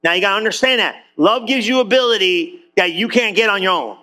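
A pastor preaches a sermon in church, speaking to his congregation like a friend and repeatedly urging them to clap and say amen. His voice is high and bright, and he talks fast with a forceful tone.

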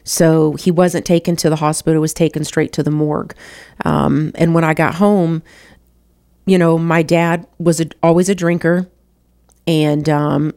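A woman's voice: low voice, level tone, a little slow, vocal fry, darkish tone. A woman hosting her own show, telling a personal testimony in an emotional, earnest way and talking to listeners as "y'all.". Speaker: show host.

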